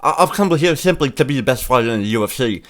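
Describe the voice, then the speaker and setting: A man's voice: mid-range voice, animated, fast, fairly bright tone, natural voice. A man putting on a determined male fighter with a New Zealand accent and slushy, lisp-like sibilants.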